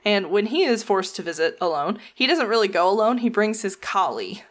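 A woman's voice: mid-range voice, big pitch swings, brisk. Wry woman podcaster. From American South. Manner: wry, joking, playful. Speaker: podcast co-host. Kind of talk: casual chat, reading researched notes.

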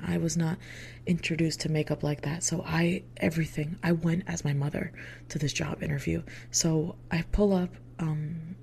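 Young adult woman, low-pitched and gravelly, chatty storyteller who swears and slips into whispered asides. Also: a little hiss or hum. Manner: chatty, swears freely, heavy filler words; drops into hushed whispered asides. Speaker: vlogger. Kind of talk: casual storytime.

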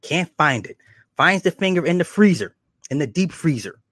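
A man casually retelling horror episodes, slipping into quick acted quotes and chuckles. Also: on the high side, lively intonation, fairly bright tone, no echo, clean studio sound. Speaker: show reviewer.

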